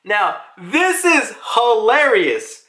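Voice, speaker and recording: An excitable man reviews a comic chapter in casual talk and swears freely. His voice is high and bright and swings widely in pitch. The room sounds roomy and echoey. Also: drawn-out words. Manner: excitable, swears and laughs often. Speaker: manga reviewer. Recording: roomy echo.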